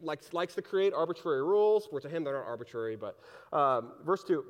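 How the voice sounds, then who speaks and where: Relaxed, chatty preacher in a reverberant hall. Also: male voice, on the high side, brisk. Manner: casual, conversational preaching, paraphrasing scripture in everyday speech. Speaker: pastor. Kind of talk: sermon.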